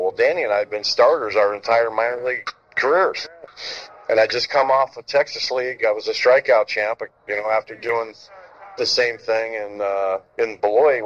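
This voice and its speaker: A middle-aged former pitcher swaps stories in casual chat, animatedly acting out quotes and swearing freely. The recording has a dull, lo-fi sound.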